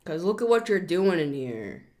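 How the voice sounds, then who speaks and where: A woman's voice: big pitch swings, normal speed, warm tone. Blunt, scolding woman reading tarot. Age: 30s. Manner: blunt, scolding, emphatic with sudden high outbursts. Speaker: tarot reader. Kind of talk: casual tarot reading monologue.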